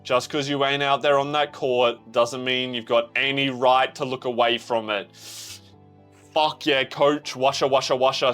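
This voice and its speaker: An excitable young man talks through a manga chapter, reading the panels aloud and cursing freely. His voice sits at a middle pitch, and he keeps breaking into sudden shouts. Faint music plays softly behind him. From Australia. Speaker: manga reaction creator. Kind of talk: casual reaction commentary, reading manga aloud.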